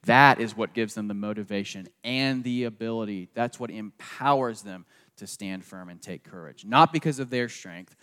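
A man's voice: lowish voice, normal speed, fairly bright tone, clear, resonant tone, big-room sound. A man preaching a sermon with a faint Southern accent, earnest and repeating phrases for emphasis, tagging points with "okay?". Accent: slight Southern. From southeastern United States. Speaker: pastor.

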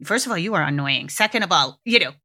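A woman hosting a podcast, talking frankly and casually with swearing and lively acted-out quotes. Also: fairly low pitch, fast. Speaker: podcast host. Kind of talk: casual solo podcast talk.

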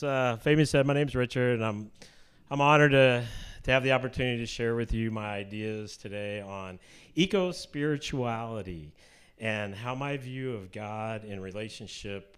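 A man in his fifties from Kansas City, speaking as a guest at a church gathering in a chatty, joking way, with lots of ums and asides into a mic. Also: mid-range voice. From Kansas City, USA. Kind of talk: casual church talk to a live audience. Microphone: handheld or stand mic at a live talk.

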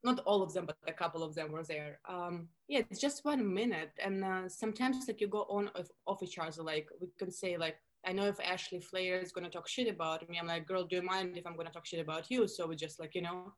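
A woman from Russia with a Russian accent, chatting as a podcast guest and telling lively stories, often acting out what people said. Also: on the low side, a little fast, few pauses, low-quality recording. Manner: animated storytelling, acting out quoted lines, many likes. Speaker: podcast guest, former wrestler. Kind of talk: casual interview chat.

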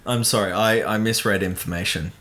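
A man's voice: fairly low pitch, slight background noise. A man co-hosting a casual joking book chat, reading passages and talking with many restarts and fillers. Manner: halting, many restarts and fillers, reads in a flat slow tone. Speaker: podcast co-host reading a book aloud.

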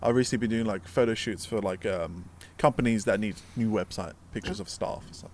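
A man's voice: on the low side, fast, slight background noise. A man chatting casually in a laid-back way, full of fillers. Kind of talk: casual chat.

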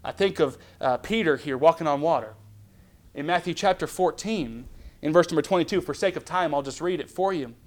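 A man's voice: fairly high pitch, fairly quick. A man pastor preaching a midweek Bible study sermon, reading scripture aloud, asking the congregation questions and acting out little scenes, with frequent restarts. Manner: preaching with rhetorical questions and dramatized asides. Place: church.

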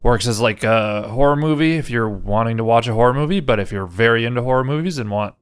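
A man's voice: medium pitch, fast talker, clear, resonant tone. A man co-hosting a casual chat, talking with wry, teasing remarks. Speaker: podcast co-host.

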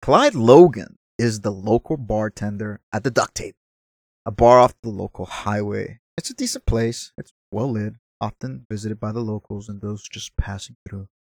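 A man's voice: fairly low pitch, moderate pace, dry recording. Chatty male movie reviewer, dry sound. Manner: chatty, apologetic asides, stumbles over words. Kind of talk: casual movie review commentary.

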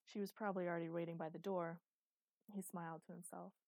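A woman narrates an audiobook in a steady, even storytelling manner. Her voice is lowish and mellow, recorded dry and close with no room sound. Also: fast, no echo. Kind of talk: scripted narration.

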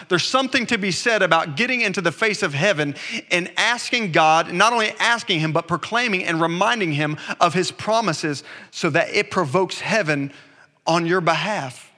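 A man preaching a sermon with emphatic, repeated refrains, shifting into relaxed conversational storytelling. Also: high-pitched, normal speed, in a large hall. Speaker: pastor.

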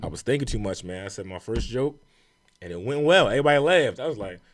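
A man tells a story in quick bursts, his pitch swinging up and down as he acts out the people in it. He is a comedian chatting casually on a podcast. His delivery is loose, profane and animated. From Baltimore. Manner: animated, profane, fast storytelling with acted quotes. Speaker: comedian guest.

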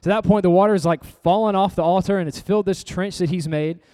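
Male pastor, somewhat high voice, earnest conversational sermon delivery, long hall reverb. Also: quick pace, warm tone, clean tone. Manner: earnest, conversational preaching with rhetorical questions. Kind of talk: sermon with scripture reading.

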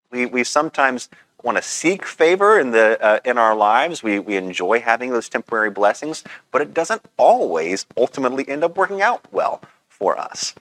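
Male pastor, low voice, dry close sound; easygoing sermon delivery with pauses. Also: no echo, low-quality recording. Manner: conversational, relaxed preaching with frequent "uh" pauses.

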